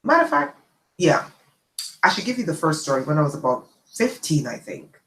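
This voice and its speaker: This channel host, an immigrant to the U.S., speaks in a low-pitched, fairly quick voice while sharing a personal story on a relaxed livestream. Animated and talkative, she keeps asking her audience "okay?" The rough recording sounds roomy, with a little hiss or hum.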